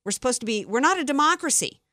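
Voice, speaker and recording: A woman's voice: high voice, lively intonation, fast talker, sharp tone, no room sound, clean studio sound. Chatty opinionated woman radio host. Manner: opinionated, chatty, reads statements aloud. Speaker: radio talk show host. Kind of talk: political talk radio.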